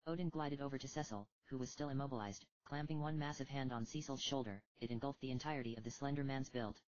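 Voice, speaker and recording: A woman reading a fantasy story aloud as narrator, steady and even. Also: extremely low pitch, quick pace, no room sound, lo-fi sound. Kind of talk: audiobook reading of fan fiction.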